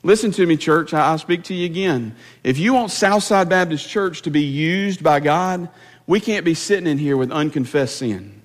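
A pastor delivers an emphatic sermon in a high, ringing voice. He stumbles over and repeats words as he presses each point home. His voice carries a long hall reverb from the church sanctuary. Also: animated, normal speed.

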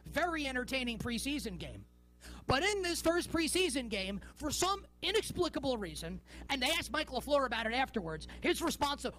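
A woman's voice: high-pitched, very animated, brisk, fairly bright tone, low-quality recording. A woman in her thirties delivers a sports talk show monologue. She rambles, sounds incredulous, and hits key words hard.

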